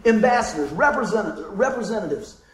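A man with a high voice preaches a sermon, telling stories and regularly asking his congregation for an amen. His voice rings out in a reverberant church space. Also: brisk. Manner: lively storytelling, calls for amens. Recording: roomy echo.

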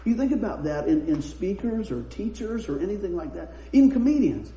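A man's voice: high voice, very animated, fairly quick, warm tone, slight background noise. A man preaching a sermon, chatty and laughing as he tells anecdotes. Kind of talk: sermon with humorous storytelling. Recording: roomy echo.

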